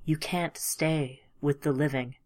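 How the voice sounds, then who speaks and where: A woman voicing a detached sorceress who speaks calmly and without pity in an audiobook story. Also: deep voice, slow. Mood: firm. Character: cool, unmoved female sorceress.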